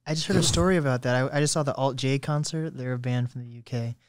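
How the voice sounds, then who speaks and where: A male podcast host keeps the chat easygoing, asking questions and sharing quick stories. His voice sits at an average pitch, and the sound is dry and close. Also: clear, resonant tone, dry recording.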